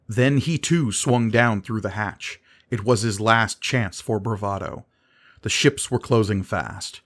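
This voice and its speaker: A man narrating a fantasy audiobook in a measured, dramatic reading style. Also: lowish voice.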